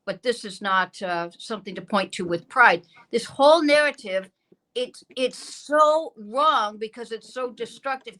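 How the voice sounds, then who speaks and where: A woman's voice: fairly high pitch, lively intonation, unhurried, sharp tone, rough recording. A woman interviewing a guest in an emphatic way. She presses him with repeated questions. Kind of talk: conversational interview.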